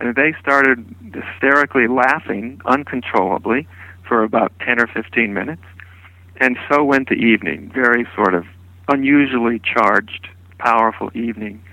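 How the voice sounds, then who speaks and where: Gravelly-voiced man recalling his teaching. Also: mid-range voice, pushed and bright, dry recording, muffled recording. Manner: unhurried, meandering, with frequent restarts. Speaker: spiritual teacher. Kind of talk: reflective storytelling interview.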